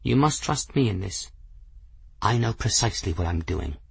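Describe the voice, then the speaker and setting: A man voicing a genteel, wily old male mage in an audiobook reading, fussy and gently commanding. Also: lowish voice, lively intonation, moderate pace, vocal fry, husky, no room sound, heavily acted. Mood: insistent.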